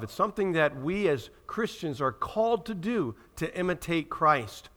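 A man's voice: on the high side, expressive, brisk, few pauses, a bit bright. A man preaching a sermon to his church, asking the congregation questions. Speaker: pastor.

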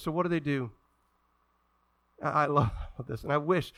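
A male pastor preaching a sermon, acting out the voices of people in the scripture stories and swinging from hushed, low asides to loud, fervent, drawn-out calls. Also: dry recording.

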